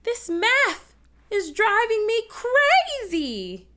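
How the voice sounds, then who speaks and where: A woman's voice: medium pitch, normal speed, close to an everyday voice. A woman voicing her younger self as a little girl, half-singing a plea to her mom for homework help. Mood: pleading, sing-song. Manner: sing-song, half-sung pleading. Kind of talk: sung recitative demonstration.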